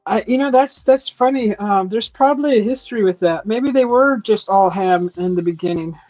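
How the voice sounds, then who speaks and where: A woman's voice: medium pitch, moderate pace, a little mellow, dry recording, soft background music, rough recording. A woman hosting a casual live chat from her home kitchen, chatty and teasing, laughing often as she reads viewer comments. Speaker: host of a live chat stream.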